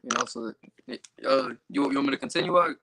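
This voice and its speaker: Reading verses aloud in an extremely high, gravelly voice with lively intonation and a brisk pace, this Bible study reader then comments loosely, full of fillers and tripping over difficult words. Background noise is audible.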